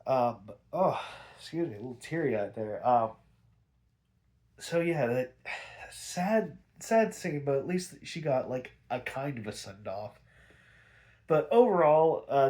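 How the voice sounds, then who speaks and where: A man's voice: mid-range voice, darkish tone. A man hosting a podcast, casually reviewing a TV episode in a rambling way, with many fillers and restarts and casual swearing. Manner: quotes characters in a raised voice.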